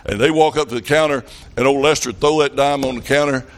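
A man's voice: medium pitch, steady tone, fast talker, fairly bright tone. A man preaching a revival sermon, telling folksy country stories with fervent emphasis. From rural farm upbringing.

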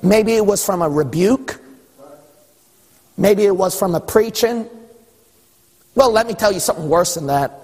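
Brief: emphatic male preacher, high and husky, in a big reverberant church. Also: unhurried, pauses often. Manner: emphatic preaching with repetition and rising shouts. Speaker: pastor. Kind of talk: sermon. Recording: long hall reverb.

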